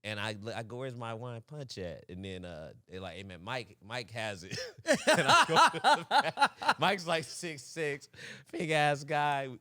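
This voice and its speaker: A young man co-hosting a podcast, telling a story in casual chat, animated and laughing often, acting out voices. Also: mid-range voice, a little slow, no echo, studio quality. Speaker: podcast co-host.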